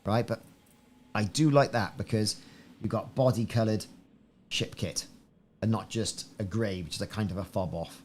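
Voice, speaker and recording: Talking to his live-stream audience while gaming, a man with a lowish, slightly mellow voice speaks at normal speed with long pauses. He rambles and muses, repeating himself a lot, and there's slight background noise.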